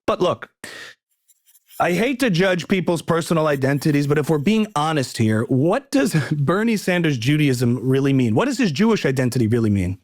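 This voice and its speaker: A man's voice: fairly high pitch, big pitch swings, moderate pace, a little mellow. A male comedian as podcast guest, arguing emphatically in a heated conversation and repeating words as he starts sentences.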